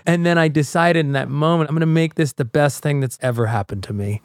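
A man's voice: a little high, fast, smooth, dry recording, clean studio sound. A man, a podcast guest, telling a story casually and acting out his own past thoughts in quotes. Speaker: guest, professional snowboarder.

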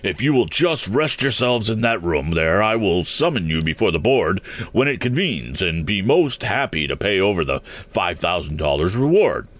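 A man's voice: low-pitched, very animated, moderate pace, hardly any pauses, a bit bright, full character voice. A man voicing a flustered, fussy elderly bank president who stammers and gushes, in a storybook reading. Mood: eager. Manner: stammering, effusive.

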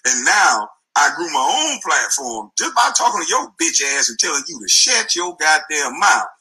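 Profane ranting man, bright tense voice. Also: fairly high pitch, big pitch swings, normal speed, rough recording. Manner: profane, taunting, repeating insults. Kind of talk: angry rant video. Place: front seat of his car.

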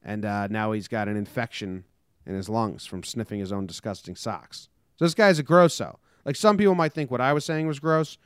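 Rambling young man with a smooth voice. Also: on the low side, moderate pace, no room sound, studio quality. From United States. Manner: rambling storyteller, acts out quotes in silly voices. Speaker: podcast co-host. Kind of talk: casual comedic chat.

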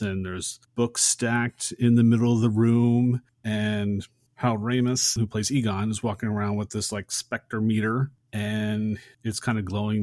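A man's voice: fairly low pitch, a little mellow, no echo, studio quality. A man co-hosting a casual podcast, summarizing a film in a friendly way. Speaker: podcast co-host.

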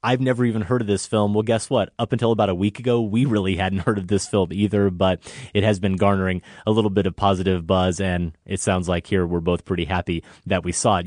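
A middle-aged man hosting a film review show. He talks in a relaxed, conversational way. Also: fairly low pitch, a little fast, dry recording, clean studio sound. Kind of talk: casual review chat.

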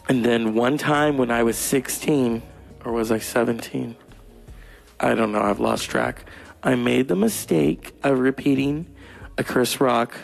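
Male stand-up, California, crude storyteller, gravelly low-middle voice, faint music behind. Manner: crude, profane storytelling with shrill voices for others. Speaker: stand-up comedian. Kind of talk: stand-up monologue.

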